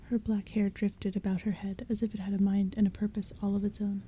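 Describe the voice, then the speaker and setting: A woman in whispered role-play reads a storybook in a slow, hushed, breathy whisper. Her tone is very dark and mellow. Faint rain and soft thunder murmur behind her. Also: medium pitch, level tone, a little hiss or hum. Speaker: ASMR audiobook reader.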